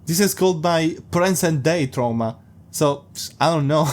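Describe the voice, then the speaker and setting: A podcast host reads a story aloud casually, repeatedly breaking off for amused, sarcastic, mocking commentary and laughing often. His voice is a little high and his pace measured.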